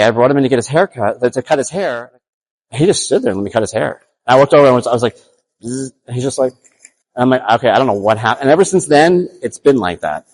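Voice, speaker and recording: A man talks through a family story in an easy, conversational way. His pitch rises and falls a lot, and he jumps into little quoted voices for his own past thoughts. His pitch sits in an ordinary middle range for a man. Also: darkish tone. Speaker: father telling a personal story. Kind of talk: casual storytelling.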